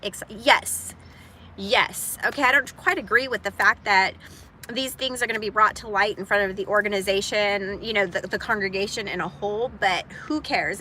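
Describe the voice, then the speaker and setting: A woman speaks to her online community on a live stream, her voice bright and a little forceful. She talks haltingly and emotionally, close to tears and apologizing as she goes. A faint hum of noise sits behind her. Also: mid-range voice, poor audio. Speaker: vlogger, single mom.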